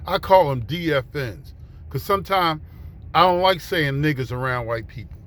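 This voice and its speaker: Casual storyteller: man, fairly high voice, profane and slangy, acts out the other people in his tale. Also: animated, normal speed, fairly bright tone.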